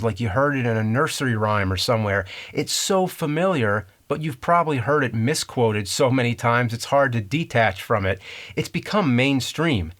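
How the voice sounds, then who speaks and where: A man's voice: mid-range voice, a bit bright. A man in his thirties hosting a scripted commentary on movie trivia, explaining in a conversational, dryly amused way. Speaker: host.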